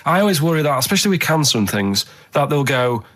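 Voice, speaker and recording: A man's voice: fairly high pitch, sing-song, quick pace, fairly bright tone. A man chatting on a radio show in a plain, matter-of-fact way about his worries, on a studio microphone. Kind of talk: casual radio chat.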